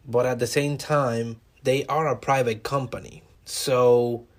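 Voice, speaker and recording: A man talking through a solo podcast episode in a relaxed, conversational way. His pitch sits in an ordinary middle range, and he speaks wryly while addressing listeners directly. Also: a little slow. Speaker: podcast host. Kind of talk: casual solo podcast monologue.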